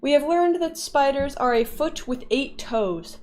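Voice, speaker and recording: A woman's voice: high-pitched, a little slow, hardly any pauses, darkish tone. A young woman livestreaming, casually reading and answering chat with playful giggles.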